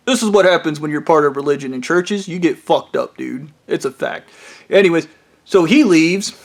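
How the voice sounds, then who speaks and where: High-voiced man rambling through a story. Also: moderate pace. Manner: rambling, profane, offhand. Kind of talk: casual storytelling vlog.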